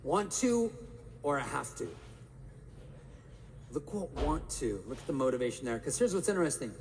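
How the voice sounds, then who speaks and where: A man with a somewhat high, gravelly voice gives an energetic motivational talk and keeps asking the crowd questions. Long reverb from a large hall surrounds him, with a faint murmur of room noise behind. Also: normal speed. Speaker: motivational speaker. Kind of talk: live talk to an audience.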